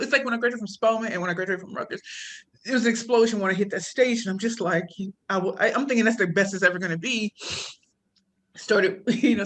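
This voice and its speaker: A woman talks as a podcast guest. She tells her story casually and with spirit, full of slang, and she acts out the people she quotes in their own voices. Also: medium pitch. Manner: animated, slangy, quoting others in voices. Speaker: podcast guest, pitch coach and speaker.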